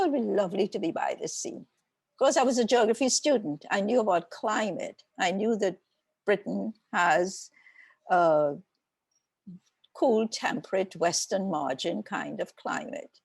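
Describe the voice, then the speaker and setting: An older woman with a Trinidadian accent talks in a slow, reflective storytelling way as an interview guest. Her voice is gravelly and a little husky. The sound is dry and close, with almost no room echo. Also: mid-range voice, animated, a little mellow. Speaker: author guest. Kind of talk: conversational interview.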